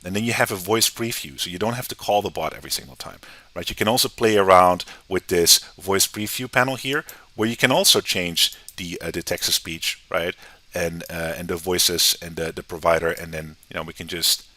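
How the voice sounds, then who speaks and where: An American man giving a casual, conversational software tutorial, often checking in with "right?". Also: deep voice, fairly quick. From United States. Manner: relaxed, conversational, often tags sentences with "right?". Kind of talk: screen-recorded software tutorial.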